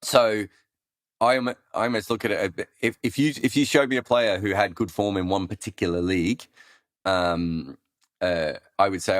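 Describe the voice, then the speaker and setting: A man's voice: sits low, moderate pace, no room sound, studio quality. A man hosting a live cricket Q&A, rambling through answers with many ums and restarts. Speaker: cricket analyst host answering listener questions. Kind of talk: casual live Q&A chat.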